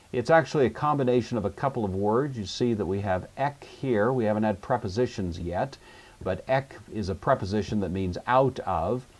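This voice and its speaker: A man giving a recorded Greek lesson, explaining in a measured, methodical way and repeating each word. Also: lowish voice, darkish tone, slightly rough. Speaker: Greek teacher. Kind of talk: recorded lecture.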